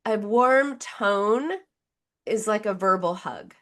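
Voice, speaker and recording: A woman guest, a therapist, giving conversational advice in an animated way and acting out the voices she quotes. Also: medium pitch, slow pace. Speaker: psychotherapist guest.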